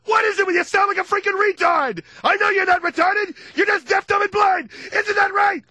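A man's voice: very high-pitched, sing-song, moderate pace, bright, forceful tone, no echo, clean studio sound, voice pushed up, exaggerated voice. A man voicing a furious, impatient drill-sergeant teacher who screams and berates. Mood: raging.

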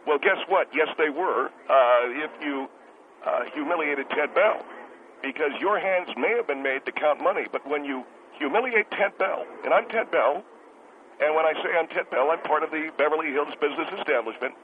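A man doing a self-important, stammering restaurant boss who rants indignantly down a tinny, hissing phone line. His voice sits high for a man, and he keeps circling back to how he was wronged. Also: normal speed, lightly acted. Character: bitter, self-important male restaurant owner caller. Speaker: caller on a talk show.

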